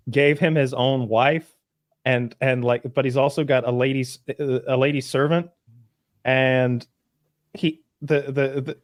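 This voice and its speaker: A man's voice: medium pitch, dry recording, clean studio sound. A man co-hosting a podcast, casually recapping a show and acting out the characters in quoted voices, with plenty of swearing. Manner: animated storytelling, acts out characters in quoted voices, swears freely. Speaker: podcast co-host.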